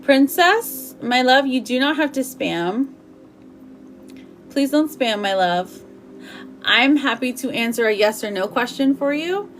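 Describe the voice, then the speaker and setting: A high-voiced, animated woman reads tarot on a live stream a little slowly, faint music in the background. She chats affectionately, using "like" and laughing frequently, and calls viewers babe and sweetheart.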